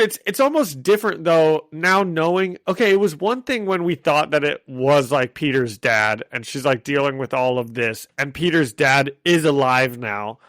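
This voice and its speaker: A man's voice: on the high side, a bit bright, no room sound. A man co-hosting a casual comic-book podcast, recapping the story and laughing often. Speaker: podcast co-host.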